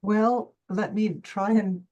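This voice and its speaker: An older woman, a coach and former stage performer, telling her life story in an interview with emphatic, expressive delivery and quoted self-talk. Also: medium pitch, slow, lo-fi sound. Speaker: summit guest speaker, coach.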